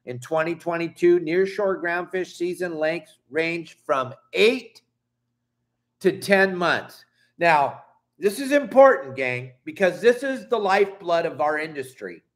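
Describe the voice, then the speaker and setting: A man's voice: on the high side, animated, a little slow. A middle-aged man from Southern California hosting a fishing channel, ranting angrily and emphatically, swearing and apologizing. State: upset. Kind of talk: heated vlog rant.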